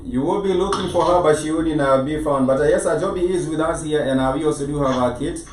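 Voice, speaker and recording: A man's voice: on the high side, quick pace, a little hiss or hum. A man who is DJ and host of a casual talk show, speaking hesitantly with many fillers. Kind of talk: casual radio chat. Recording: echoey, distant.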